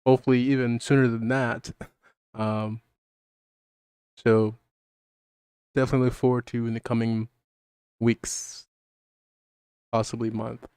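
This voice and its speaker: A man's voice: mid-range voice, level tone, a little slow, long pauses, darkish tone, smooth, no room sound, studio quality. Man chatting casually on a podcast stream. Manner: rambling, muttering to himself while setting up. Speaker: podcast host. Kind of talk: casual livestream chat.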